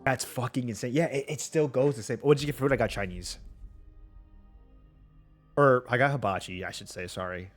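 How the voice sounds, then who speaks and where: A man streaming a game reaction rant, excitable and profane, constantly calling out bro and dude. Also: medium pitch, brisk, long pauses. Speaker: gaming streamer. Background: game music.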